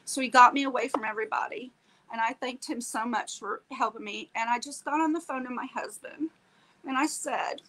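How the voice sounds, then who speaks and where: A fairly high-voiced woman recounts a hard day in animated, heartfelt conversation. She slips into quoted dialogue as she tells it and keeps checking in with her listener with a quick "okay?". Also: rough recording. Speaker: guest telling her story. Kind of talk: emotional personal storytelling.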